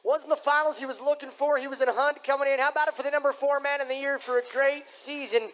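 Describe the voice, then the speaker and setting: A man announcing a live bull riding event in an arena, booming and hyping up the crowd. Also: steady tone, quick pace, a bit bright. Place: rodeo arena.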